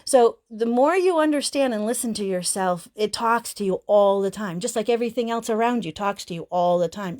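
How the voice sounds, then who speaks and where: A woman in her fifties giving an earnest live-stream talk on self-healing, speaking straight to her viewers. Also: mid-range voice. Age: 50s. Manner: earnest, repeats herself, speaks straight to the audience. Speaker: self-healing teacher and host.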